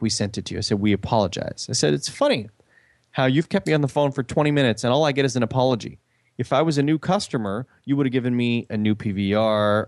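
A man's voice: medium pitch, no room sound. A man telling a story in a casual chat, acting out the quoted dialogue with animation.

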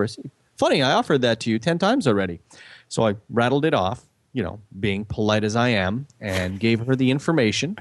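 A man's voice: medium pitch, expressive, fairly quick, dry recording. A man telling a story in a casual chat, acting out the quoted dialogue with animation.

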